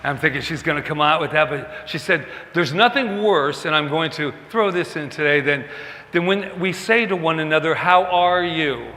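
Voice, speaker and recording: A male minister preaches in a loose, conversational way, joking at his own expense and slipping into quoted back-and-forth. His voice is bright and slightly high. The sanctuary adds a long, ringing reverb. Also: normal speed, a little hiss or hum. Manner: chatty, self-mocking, acts out quoted dialogue. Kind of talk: conversational sermon. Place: church sanctuary.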